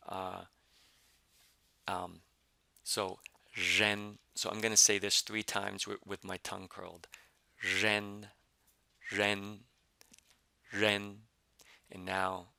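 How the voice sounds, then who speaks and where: Deep creaky-voiced male language teacher. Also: pushed and bright, dry recording. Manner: patient, explains step by step with many fillers; repeats example syllables slowly. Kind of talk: pronunciation lesson.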